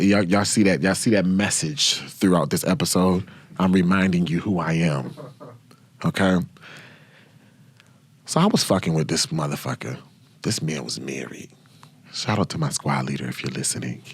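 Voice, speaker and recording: A man in his thirties hosting a podcast, telling stories in a brash, profane, animated way. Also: low voice, breathy edge, no echo. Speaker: podcast host. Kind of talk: casual storytelling.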